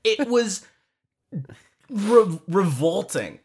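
Animated, swearing male podcast storyteller. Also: sits high, very slow, breathy edge. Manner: animated storytelling, swears often, many restarts. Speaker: podcast co-host. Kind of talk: casual chat.

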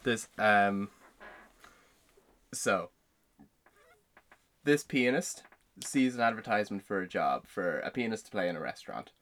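A man's voice: lowish voice, a little slow, pauses often, fairly bright tone. A young man chatting casually as a podcast co-host, rambling with many fillers. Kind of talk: casual chat.

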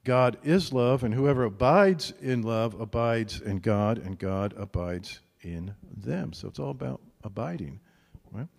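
A male pastor delivers a sermon in an easygoing, conversational style, frequently tossing a quick "right?" to his congregation. His voice sits at medium pitch with a creaky edge, and the sound carries the echo of a big room.

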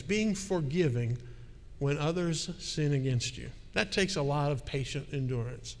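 A male pastor with a high voice delivers a relaxed, conversational sermon. His words carry a long reverb, as if he is in a large sanctuary. He often turns to the congregation with questions. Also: unhurried.

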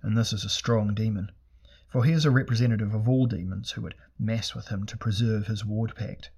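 A man's voice: lowish voice, brisk, a little mellow, husky. A man voicing a grim, sardonic sorcerer prince who speaks in a formal, archaic way in an audiobook.

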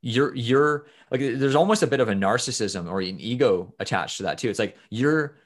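A man's voice: medium pitch, moderate pace, hardly any pauses. A man talking emphatically on a podcast, swearing freely and restarting his sentences often. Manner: emphatic, profane, restarts a lot. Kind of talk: casual podcast conversation.

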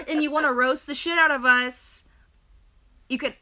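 A woman's voice: high-pitched, animated, a little slow, bright, forceful tone. A young woman hosting a casual chat show, joking and laughing often. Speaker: podcast host.

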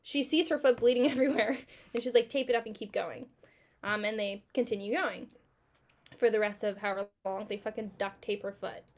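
A woman's voice: medium pitch, brisk. A young woman co-hosting a casual chat, telling a story with lots of swearing and acted-out quotes. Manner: animated, swearing, acts out quotes. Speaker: podcast co-host.

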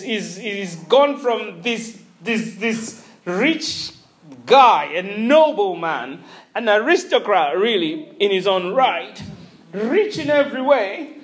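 Casting: male preacher, very high voice, sermon storytelling, chuckling. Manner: animated storytelling with frequent chuckles and restarts.

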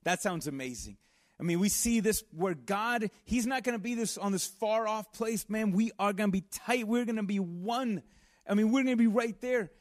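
High-voiced man preaching a casual sermon. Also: normal speed. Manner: conversational, earnest, with frequent restarts and asides. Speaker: pastor.

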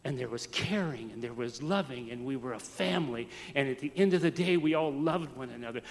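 A man from the United States preaching a storytelling sermon, swinging from soft to loud. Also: medium pitch, animated, fairly quick, big-room sound. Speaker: pastor.

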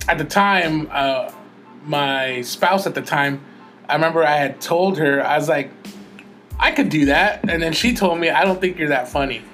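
A man's voice: fairly high pitch, moderate pace, a bit bright, faint music behind. A man in his forties chatting casually, easygoing and agreeable as he recalls old times. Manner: easygoing, backs up the other speaker with short agreements. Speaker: podcast co-host. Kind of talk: casual chat.

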